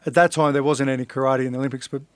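A man's voice: mid-range voice, steady tone, very fast, dry recording. A middle-aged man with an Australian accent telling his life story in a casual interview, blunt and swearing freely, acting out the voices he quotes. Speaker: podcast guest, fighter.

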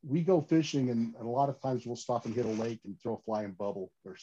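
A man chats casually with a podcast host, telling a story with lots of "you know" and quick restarts. His voice sits at a middle pitch. The recording sounds a little dull and lo-fi. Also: expressive, warm tone, slightly rough. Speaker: fishing gear company guest. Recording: slightly dull lo-fi audio.

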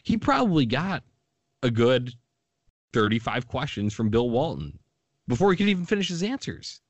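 A man hosting a casual sports talk show, animated and laughing as he recaps a broadcast. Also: medium pitch, moderate pace, no echo. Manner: animated, laughing, quoting others in lively bursts. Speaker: sports podcast host.

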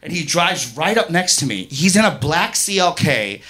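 A young man telling a profane, animated stand-up story full of "like", on a comedy club stage. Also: fairly high pitch, moderate pace.

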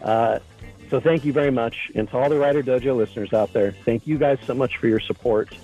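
A man's voice: mid-range voice, a little fast, mellow. A man hosting a podcast, upbeat and joking as he hands the floor to his guest and thanks the listeners. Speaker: podcast host. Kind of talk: casual podcast chat. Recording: slightly dull, faint music behind.

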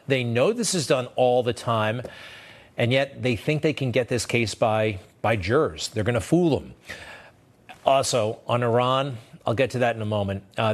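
Sarcasm drives this TV news host's lively commentary, and his voice springs higher whenever he leans on a point.

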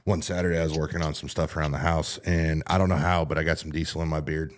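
A man with a very low, deep voice holds forth in loose podcast banter. He tells crude, profane stories in a relaxed, storytelling way. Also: quick pace. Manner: crude joking storyteller, swears freely. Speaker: podcast host.

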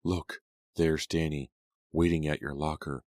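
A man voicing a friendly, worried teenage girl in an audiobook, in a plain, gentle delivery. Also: extremely low pitch, little pitch movement, measured pace, no echo. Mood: concerned.

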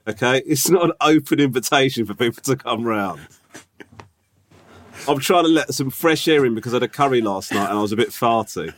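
A man's voice: medium pitch, lively intonation, a little fast. A man in his forties telling a story in casual podcast chat, exasperated and swearing freely. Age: 40s. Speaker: podcast co-host.

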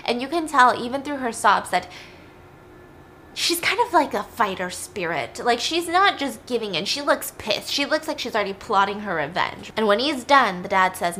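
A young woman with a bright, fairly high voice chats through a film retelling. She talks casually, full of asides. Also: expressive, moderate pace, a little hiss or hum. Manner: chatty, uses like and you know. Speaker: storyteller.

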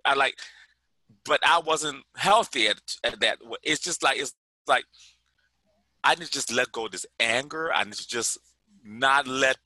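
Man, 40s, animated personal storyteller, bright, cutting tone, dry close sound. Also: mid-range voice, no room sound, rough recording. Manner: animated, chatty, sprinkles "like", quotes people as he tells it.

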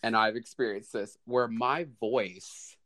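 A man in a heated panel debate, talking in bursts, restarting his sentences and jumping up to high exclamations. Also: slow pace. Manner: lively, restarts often, rising to high exclamations.

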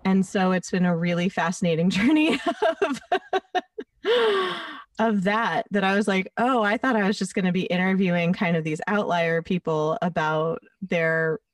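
A woman's voice: fairly low pitch, moderate pace, no echo, recorded from a distance. Female interviewer, reflective and searching, recorded dry and a little off-mic. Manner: thoughtful, searching, many "like" fillers.

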